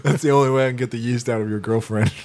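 A man's voice: medium pitch, steady tone, very fast, a little mellow, slight background noise. A man co-hosting a podcast, joking crudely and laughing often. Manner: laughs a lot, jokey. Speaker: podcast co-host. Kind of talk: casual crude banter.

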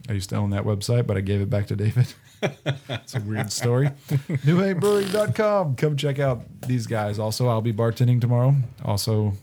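A man's voice: on the low side, steady tone, brisk, mellow, slight background noise. A man hosting a casual podcast chat, upbeat and laughing often, swearing now and then. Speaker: podcast host.

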